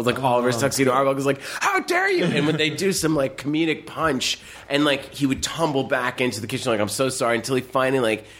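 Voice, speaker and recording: A man, a guest filmmaker, telling rambling, animated anecdotes in casual chat, full of fillers and restarts. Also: medium pitch, slight background noise.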